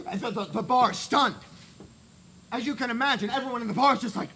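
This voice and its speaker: Um homem com voz muito aguda e brilhante conta uma piada longa e cheia de repetições, que vai crescendo até virar gritos de empolgação. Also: male voice, high voice, quick pace, a little hiss or hum. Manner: rambling, repetitive, building to shouted excitement. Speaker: comic storyteller in a band show. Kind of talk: comic shaggy-dog storytelling.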